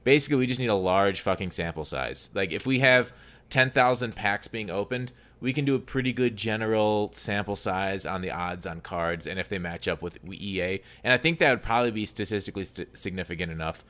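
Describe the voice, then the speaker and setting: A man's voice: fairly low pitch, brisk, a bit bright. A man reasoning through an argument in a casual podcast debate, often restarting his sentences. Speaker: podcast co-host.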